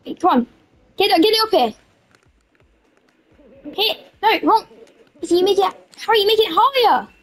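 High-pitched, frantic gaming woman. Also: lively intonation, normal speed, pauses often. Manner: loud, playful, frantic yelling and teasing. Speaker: gaming video host. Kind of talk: excitable gameplay commentary.

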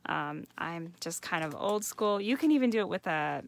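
A woman's voice: lowish voice, expressive, moderate pace, creaky. A woman hosting a live craft demonstration, chatty and enthusiastic, talking to viewers as you guys. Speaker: craft host. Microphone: home setup for a live stream.

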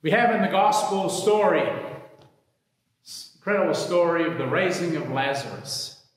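Priest preaching in an echoey church. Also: male voice, sits high, animated, moderate pace. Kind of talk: gospel reading and sermon.

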